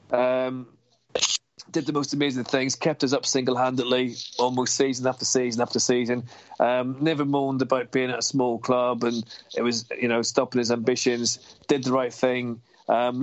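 A man's voice: mid-range voice, dry recording. A man chatting about football in a passionate, rambling way, swearing and getting carried away, heard over a video call. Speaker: podcast guest. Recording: dull lo-fi video call audio.

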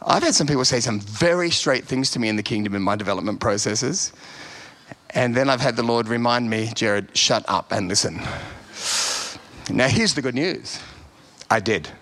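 A man's voice: medium pitch, brisk, a bit bright. A man preaching a sermon as a pastor, emphatic and repeating his key phrases.

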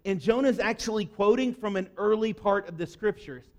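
A male pastor giving a conversational sermon, acting out the quoted lines with lively energy. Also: high-pitched, normal speed. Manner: conversational, animated preaching with acted quotes.

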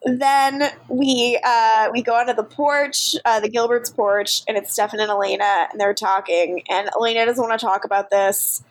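A woman's voice: fairly high pitch, steady tone, normal speed, hardly any pauses, poor audio. A woman co-hosting a podcast, recapping a TV episode in casual, giggly chat. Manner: giggly, chatty, recaps scenes with acted quotes. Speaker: podcast co-host.

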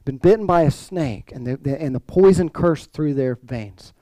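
A male pastor delivering a sermon in a relaxed, conversational way, often restarting phrases and asking his listeners questions. His voice sits a little high and sounds mellow and warm. The recording is dry and close, with no room echo. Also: moderate pace. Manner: conversational preaching with many restarts and rhetorical questions.

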